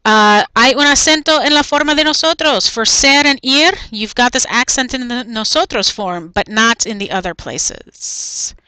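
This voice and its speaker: A woman's voice: a little high, normal speed, hardly any pauses, bright, forceful tone, clean tone, dry recording, rough recording. A woman teacher talking through a recorded video lesson, saying each point in Spanish and then again in English.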